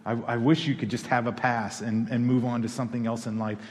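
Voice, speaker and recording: A man's voice: medium pitch, level tone, fairly quick, big-room sound. A man preaching a sermon to his congregation, talking conversationally and rising to emphatic peaks. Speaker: pastor. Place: church hall.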